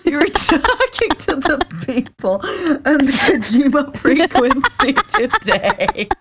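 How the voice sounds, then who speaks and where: A woman's voice: high voice, background noise. A young woman co-hosting a podcast, teasing her partner and laughing easily. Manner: animated, teasing, quick to laugh. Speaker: podcast co-host. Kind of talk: casual chat.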